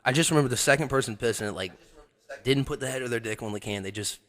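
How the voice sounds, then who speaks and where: A man's voice: mid-range voice, quick pace, fairly bright tone. Laughing young man telling crude stories. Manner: laughs often while telling stories, profane. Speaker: podcast co-host. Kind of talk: crude casual storytelling.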